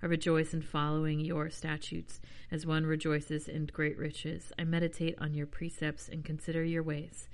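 Woman host, low pitch, reads scripture plainly, casual between passages. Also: monotone, normal speed, hardly any pauses. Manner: chatty, self-deprecating asides. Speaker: podcast host. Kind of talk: reading scripture aloud with casual asides.

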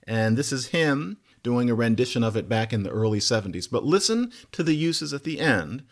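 A man hosting a podcast, giving a conversational lecture on words, musing with quick asides and rhetorical questions. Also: medium pitch, sing-song. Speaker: podcast host.

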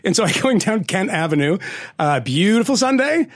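A man co-hosting a podcast, telling a story in a lively, casual way with frequent laughs and swearing. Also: high voice, normal speed, no echo, studio quality. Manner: animated storytelling with laughs and profanity. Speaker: podcast co-host. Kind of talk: casual chat.

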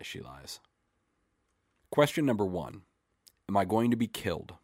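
Man reading fiction, measured, deadpan, very low voice, dry sound. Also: husky, dry recording. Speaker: story reader. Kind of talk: reading a short story aloud.

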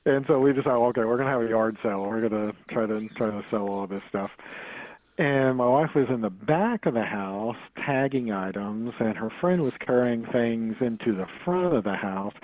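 A man of middle pitch recounts a story in loose, casual speech. He stumbles and restarts often and chuckles now and then. The audio sounds a little dull and lo-fi. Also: expressive. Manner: halting, repeats words and restarts often. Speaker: podcast guest telling a haunting story.

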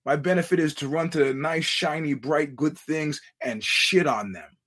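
Husky-voiced man rambling as podcast host. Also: fairly high pitch, normal speed, fairly bright tone. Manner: digressive storytelling with frequent restarts and laughs; blunt and profane. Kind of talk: casual rambling monologue.

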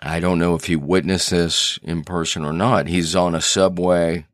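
A man's voice: sits low, level tone, normal speed, no echo, studio quality. A man hosting a solo podcast as an author, telling stories earnestly and thinking aloud with restarts. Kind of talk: reflective solo podcast talk.

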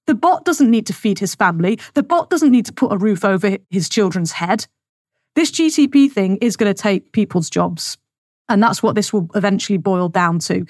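A podcast host rants through an opinionated monologue, sarcastic and scornful, driving her points home by repeating them. Her medium-pitched voice is animated and moderately paced, recorded close and dry with no room sound at all.

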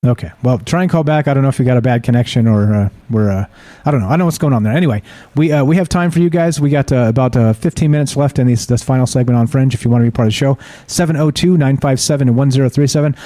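A man's voice: medium pitch, fast talker, mellow, no room sound. A man hosting a live call-in radio show, talking casually and reading stories aloud, rambling with many fillers and restarts.

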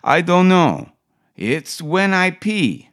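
Man putting on a loud flustered heavyset woman. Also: on the low side, sing-song, slow pace, pitched above the performer's own voice. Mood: distressed. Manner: loud, blurting. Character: heavyset middle-aged woman patient, flustered.

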